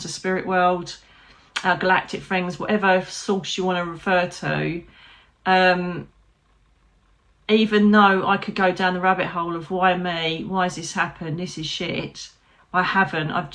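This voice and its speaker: A woman's voice: fairly low pitch, fairly bright tone. A British woman, a psychic medium, talking candidly and from the heart to her viewers, with frank swearing and light humour. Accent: British English. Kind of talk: personal vlog talking to camera.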